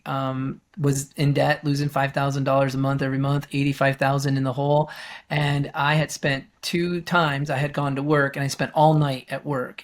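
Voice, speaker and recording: A man's voice: medium pitch, vocal fry. A middle-aged man, a guest coach on a business podcast, telling stories animatedly and acting out the people he quotes in a raised voice. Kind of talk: storytelling in a podcast interview.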